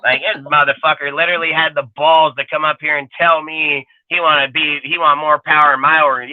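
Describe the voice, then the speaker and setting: A man's voice: fairly high pitch, little pitch movement, fairly quick, few pauses, no echo. A man in his forties ranting heatedly about football in a crude, rambling way, swearing constantly. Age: 40s. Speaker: podcast co-host. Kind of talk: profane sports talk rant. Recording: tinny phone-like audio, dry.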